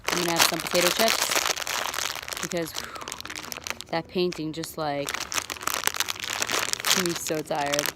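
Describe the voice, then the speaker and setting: A woman's voice: low-pitched, fairly even intonation, slow pace, pauses often, very noisy. Chatty upbeat woman vlogging outdoors. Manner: chatty and upbeat, talks to camera while working. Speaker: home renovation vlogger. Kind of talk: casual DIY vlog. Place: outdoors at a front door.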